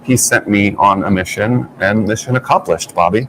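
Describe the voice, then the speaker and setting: A man's voice: fairly low pitch, moderate pace, noisy background. A man co-hosting a morning talk show, telling stories in a chatty, playful way. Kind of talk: casual chat.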